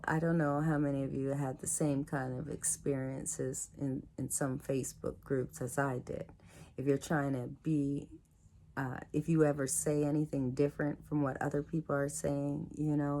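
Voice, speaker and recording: Addressing her audience in a relaxed, thoughtful way, this woman has a deep, slightly mellow voice. She runs a video channel, laughs a lot, and mimics the things others told her.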